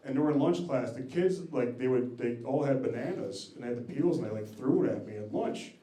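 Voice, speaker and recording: A man's voice: medium pitch, expressive, fairly quick, mellow. A male comedian doing a stand-up set on a club stage, profane and self-deprecating as he teases the crowd. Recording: echoey club room.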